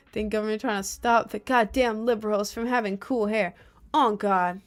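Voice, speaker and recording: A woman's voice: medium pitch, steady tone, a little slow. A young American woman chatting casually on a live stream, answering chat with sarcastic jokes and frequent laughter. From United States. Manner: joking, sarcastic, laughs often.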